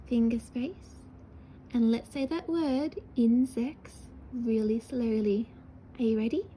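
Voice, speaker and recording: A patient, encouraging teacher breaks words into syllables for small children during an early writing lesson, speaking slowly. She has a high but soft, mellow voice, and the poor-quality recording carries a faint hiss underneath.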